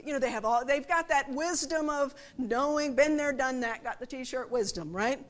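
A woman's voice: high-pitched, normal speed, hardly any pauses. A middle-aged woman giving a conversational sermon, often checking that listeners follow her with rhetorical questions. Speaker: preacher.

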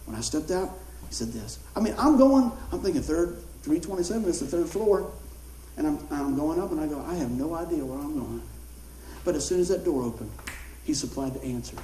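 A male pastor, telling a story in a sermon in an animated, conversational way. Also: on the high side, fairly quick, slight background noise. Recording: roomy hall echo.

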